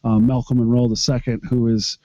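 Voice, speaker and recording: Man from michigan, podcast guest, mellow tone, dry, slightly muffled call-in sound. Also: mid-range voice, flat delivery, fairly quick, no room sound. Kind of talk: casual chat. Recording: slightly dull call-in audio.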